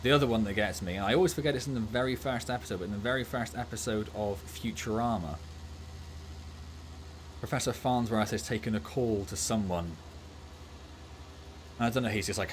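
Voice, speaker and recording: A man's voice: fairly low pitch, moderate pace, slight background noise. A man streaming a farming game and chatting casually and jokily, laughing easily. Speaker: gaming streamer. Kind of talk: casual livestream gameplay chat.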